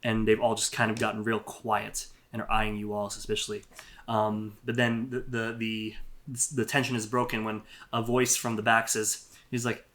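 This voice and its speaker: A man's voice: lowish voice, completely flat delivery, normal speed, a bit bright. A man narrating a tabletop game as dungeon master, rambling with fillers and restarts.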